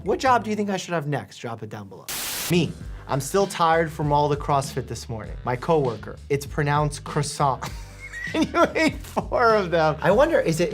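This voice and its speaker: Playful laughing male doctor host. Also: a little high. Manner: playful, laughs often, reads memes aloud. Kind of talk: casual reaction commentary.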